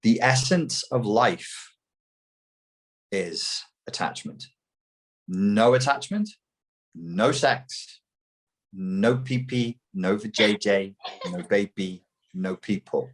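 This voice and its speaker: A man's voice: lowish voice, lively intonation, extremely slow, pauses often. A man as an interview guest, talking emphatically and mockingly, with plenty of swearing. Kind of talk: heated opinionated talk.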